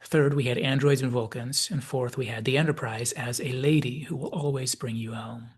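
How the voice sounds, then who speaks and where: A man's voice: medium pitch, steady tone, moderate pace, slightly rough. A man giving a thoughtful, digressive analysis of a television episode, hedging often. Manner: thoughtful, digressive, with many hedges. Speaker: channel host, commentator.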